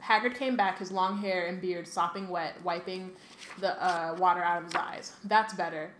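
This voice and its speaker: A woman's voice: lowish voice, steady tone, fairly bright tone. Woman co-host reading aloud and chatting. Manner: quick reading with frequent self-corrections and fillers. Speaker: podcast co-host. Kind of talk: reading a novel aloud and casual chat. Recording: echoey room with faint ambient noise.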